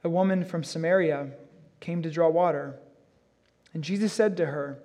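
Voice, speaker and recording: A man's voice: a little high, moderate pace, dark tone. A male pastor preaching an expository sermon, reading scripture and breaking into casual, conversational asides.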